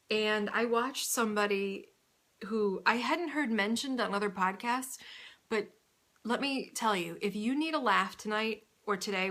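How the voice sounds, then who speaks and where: A woman chats on her home video podcast with a bright, forward voice, gushing and rambling from one thing to the next. Her pitch sits in an ordinary middle range, and the talk stays loose and unscripted. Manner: chatty, gushing, rambling with frequent laughs. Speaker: podcast host. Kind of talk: casual video podcast chat. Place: indoors at home under a bright light.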